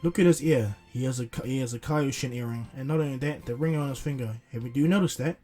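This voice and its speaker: Brief: man plays a commanding cat-like deity, gruff and husky. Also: mid-range voice, quick pace, dark tone, faint music behind, lightly acted. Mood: imperious. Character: lazy imperious cat-like god, male.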